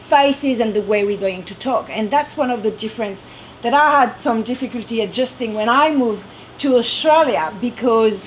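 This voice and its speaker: A woman from France with a French accent, giving a lively, laughing talk to a youth audience. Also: a little high, normal speed, a little hiss or hum, low-quality recording. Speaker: guest speaker at a youth group.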